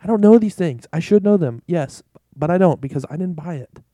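A man's voice: high-pitched, expressive, fairly quick, warm tone, no echo. A young man co-hosting a casual podcast, swearing freely and ranting in exasperation. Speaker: podcast co-host. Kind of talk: casual chat.

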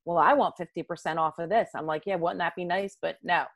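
A woman's voice: lowish voice, a little fast, dry recording. A middle-aged woman in an interview, telling stories from her old job and acting out the dialogue with lots of "like". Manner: animated storyteller, acts out quoted dialogue, uses "like" a lot. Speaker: interview guest, former probation officer. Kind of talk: storytelling interview answers.

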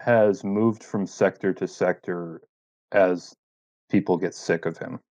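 A man playing a tabletop game, joking and quick with his remarks. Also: deep voice, steady tone, darkish tone, dry recording. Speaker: player. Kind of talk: casual tabletop play.

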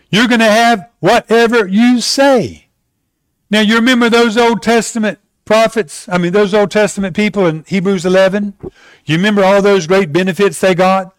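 Earnest high-voiced male preacher. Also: no room sound, low-quality recording. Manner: earnest, slows down to stress scripture. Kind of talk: sermon.

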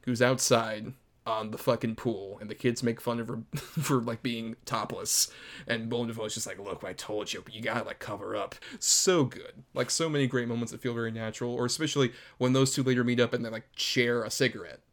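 A man's voice: medium pitch, fairly even intonation, fairly quick, a bit bright. A man from Florida chatting casually about a film, loose and rambling, full of "like" and casual swearing. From Florida, USA.

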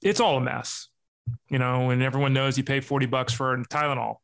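A man's voice: medium pitch, level tone, a little fast, vocal fry, fairly bright tone. A man in his forties talking as a podcast guest, speaking hesitantly with many ums and restarts. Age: 40s. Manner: hesitant, filler-heavy. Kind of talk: casual podcast chat.

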